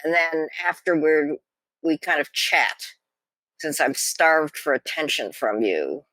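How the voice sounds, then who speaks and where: A woman's voice: deep voice, animated, slow pace, a bit bright, dry recording. An older woman co-hosting a podcast in casual chat, speaking with wry, dry humor on a computer mic. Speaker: podcast co-host. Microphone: computer microphone.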